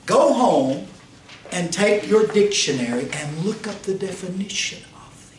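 Fiery high-voiced preacher. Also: male voice, animated, unhurried. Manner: rhetorical questions, pitch swings, rises to shouts. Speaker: pastor teaching a Bible institute class. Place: church classroom. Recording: roomy, distant mic, faint hiss.

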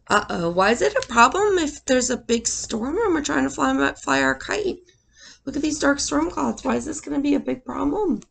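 A young woman teacher reading a picture book aloud to small children, with expressive sound effects and questions to the class. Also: high-pitched, moderate pace, creaky.

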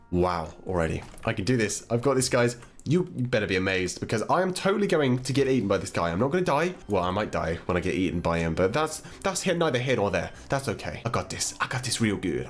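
An English man hosting a gaming channel, chatting playfully and babbling to viewers as he plays through a game. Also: mid-range voice. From England. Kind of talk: let's-play game commentary.

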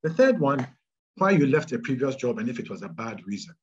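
A man from Ghana with a Ghanaian accent, giving career advice in an animated, emphatic way and repeating his key points. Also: mid-range voice, a little fast, breathy edge, highs cut off. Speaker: speaker answering audience questions.

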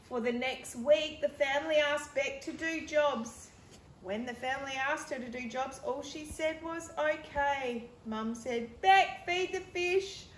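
A woman reading her own picture book aloud to children in a gentle, explaining manner. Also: sits high, unhurried, echoey room, a little hiss or hum. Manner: gentle, explaining to young kids. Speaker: teacher.

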